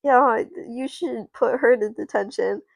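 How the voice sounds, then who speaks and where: A woman's voice: a little high, a little slow, creaky, dry recording. A woman doing a stubborn, indignant schoolboy.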